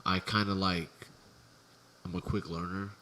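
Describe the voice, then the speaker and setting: Deep-voiced laid-back man telling stories. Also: flat delivery, unhurried, sharp tone, slight background noise. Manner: laid-back, profane storytelling with slang. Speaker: podcast co-host. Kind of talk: casual chat, storytelling.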